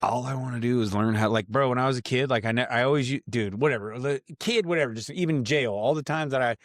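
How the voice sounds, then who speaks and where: A man's voice: mid-range voice, fast, no echo, studio quality. A man in his thirties from California, a podcast guest telling stories in a rambling, profane way full of slang. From Grass Valley, California. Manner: profane, slangy storytelling full of dude and bro. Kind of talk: casual podcast chat.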